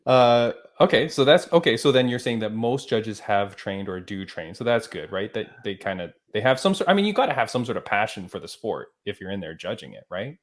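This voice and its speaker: A man's voice: fairly low pitch, sing-song, brisk, hardly any pauses. A man hosting a podcast, asking casual, friendly questions and checking in with "right?". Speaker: podcast host.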